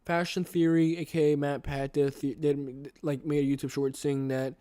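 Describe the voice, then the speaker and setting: A man's voice: on the high side, little pitch movement, moderate pace, mellow, clear, resonant tone. A young man chatting casually and reading a novel aloud. He rambles, restarts his sentences and talks to himself.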